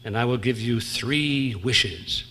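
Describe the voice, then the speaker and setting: A man's voice: medium pitch, slow pace, bright, forceful tone, a little hiss or hum. A man voicing a huge male genie in a joke, proclaiming grandly. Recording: long reverb in theatre hall.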